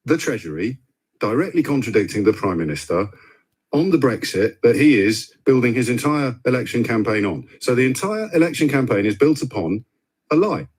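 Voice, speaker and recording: A man hosting a radio phone-in, speaking in an animated, sarcastic way. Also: medium pitch, normal speed, breathy edge. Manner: animated, sarcastic, mimics voices.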